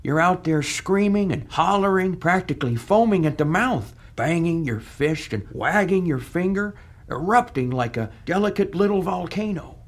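A man's voice: high voice, expressive, normal speed. A man playing a scornful older senator's ghost. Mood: scolding. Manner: taunting, sarcastic, scolding. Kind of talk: comedy audio sketch.

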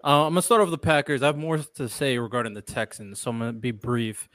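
A man's voice: medium pitch, fairly even intonation, quick pace, a bit bright, no room sound. Laid-back man on a sports panel. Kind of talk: casual sports debate.

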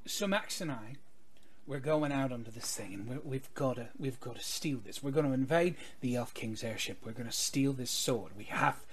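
A man voicing a big, burly, boisterous male pirate in a tabletop game, talking low and conspiratorially. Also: animated, normal speed, slightly rough.

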